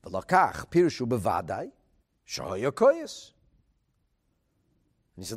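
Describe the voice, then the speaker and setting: A man teaching a Talmud class, animated and emphatic, asking rhetorical questions and mixing in Hebrew terms. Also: medium pitch, slow pace, long pauses, breathy edge. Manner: mixes in Hebrew and Aramaic terms.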